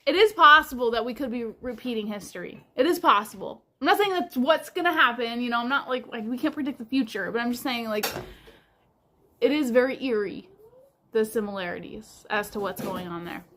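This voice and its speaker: A woman's voice: a little high, expressive, brisk, bright, forceful tone, a little hiss or hum. A woman hosting a livestream in casual chat, rambling along with lots of fillers like "like". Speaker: livestream host.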